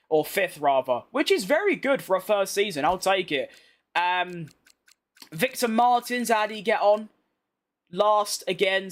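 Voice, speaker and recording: A man's voice: sits high, fairly bright tone. A young British man casually commentating over his racing game, chatting bluntly with his viewers and reading their messages. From Britain. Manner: chatty, blunt, reads chat and banters back. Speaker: gaming streamer.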